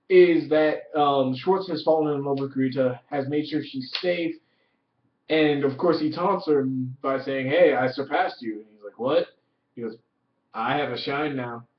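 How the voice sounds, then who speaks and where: Man, casual review, excited, swears a lot, filler "like", echoey room, muffled lo-fi sound. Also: fairly high pitch. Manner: excited, profane, heavy use of "like". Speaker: TV episode reviewer. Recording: roomy, distant, dull lo-fi audio.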